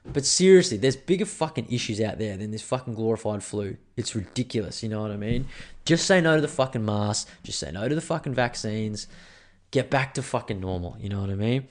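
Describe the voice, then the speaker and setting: A man's voice: lowish voice, expressive, brisk. A man with an Australian accent hosting a solo podcast, ranting angrily and swearing as he rambles. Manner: angry, profane, rambling. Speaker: podcast host.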